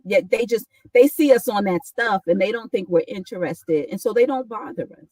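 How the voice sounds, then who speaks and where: A woman's voice: mid-range voice, moderate pace, few pauses, a little mellow, breathy edge, no room sound, recorded from a distance, low-quality recording. A woman from New York, a guest on a talk show, speaking reflectively with many restarts and "right?" asides. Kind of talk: casual conversation.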